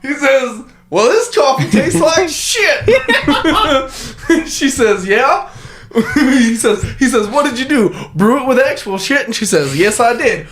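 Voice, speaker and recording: A man's voice: very high voice, very animated, slow pace, a bit bright, a little hiss or hum. A man hosting a casual film review podcast, laughing often and acting out lines from the film. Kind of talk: casual chat.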